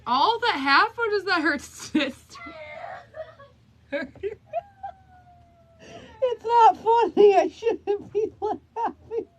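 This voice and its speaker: A young woman filming on her phone at home, flustered and scolding as she tries to calm two crying little girls. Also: very high voice, slow pace, hardly any pauses. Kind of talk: casual phone vlog. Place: home, indoors. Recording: noisy home recording.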